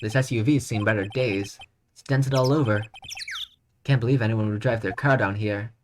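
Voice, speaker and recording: A woman's voice: very deep voice, fairly even intonation, normal speed, noisy background, voice pushed down. A woman voicing a flustered young male defense lawyer who hesitates and stammers.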